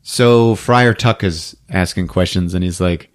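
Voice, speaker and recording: A man hosting a podcast, recapping a movie in a casual chat, laughing often and switching into high put-on voices for the characters. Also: measured pace. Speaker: podcast host.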